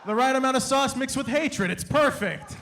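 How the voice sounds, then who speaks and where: A young comedian from Canada with a strikingly high voice works a live crowd on stage. He is animated and playful, slipping into quick impressions of his family. A faint hum of room noise sits under his voice. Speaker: stand-up comedian. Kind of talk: stand-up comedy set.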